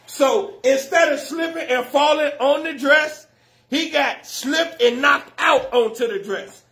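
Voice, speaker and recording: High, bright-voiced male stand-up comic. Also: measured pace. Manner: loud, animated storytelling, laughing through his own jokes; profane and slangy. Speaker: stand-up comedian. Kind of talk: stand-up comedy routine.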